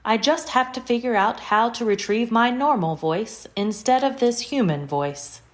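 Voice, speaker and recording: A woman's voice: fairly high pitch, moderate pace, natural voice. A woman voicing a literal, formal female AI computer in an audio drama, with precise diction and no contractions. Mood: calm.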